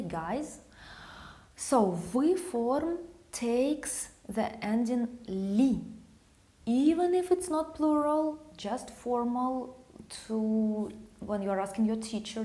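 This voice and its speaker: A woman's voice: medium pitch, dark tone. A woman with a Russian accent teaching grammar, patiently repeating example phrases. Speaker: language teacher.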